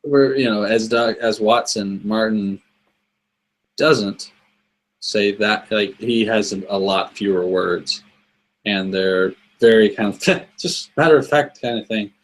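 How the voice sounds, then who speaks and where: A man with a fairly low voice joins a casual movie discussion as a guest. He thinks aloud and circles back on his words, restarting phrases before he settles on them. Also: slow pace, rough recording. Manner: thoughtful, repeats and restarts phrases.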